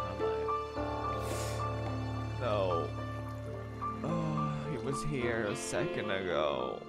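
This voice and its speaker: A man giving let's play commentary while gaming, excitable, shrieking in panic and cursing. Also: medium pitch. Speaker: gaming video creator. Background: music.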